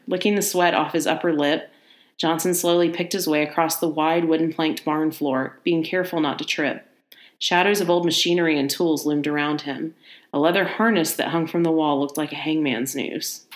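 A woman with a low voice reads a horror tale aloud, steady and unhurried. Now and then she breaks off for a brief casual aside. The room is echoey, so her voice carries a clear reverb. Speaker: storyteller. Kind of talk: horror story reading.

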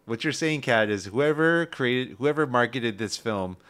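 Smooth-voiced man co-hosting a film podcast. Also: medium pitch, measured pace. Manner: animated, chatty, repeats words. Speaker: podcast co-host. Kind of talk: casual film review chat.

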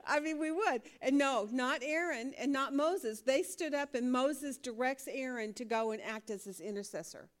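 A woman's voice: high-pitched, normal speed, few pauses. A woman teaching a Bible study class, asking questions and laughing often.

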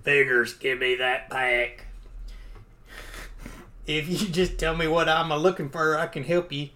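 A man voicing a gruff, terse gunslinger of the old West. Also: a little high, fairly even intonation, a little slow, sharp tone.

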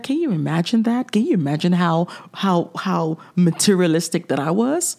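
A woman's voice: medium pitch, animated, moderate pace, vocal fry, hardly any pauses, darkish tone. A middle-aged woman hosting a faith-based podcast, talking in a direct, preachy way with chuckling asides. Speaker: podcast host.

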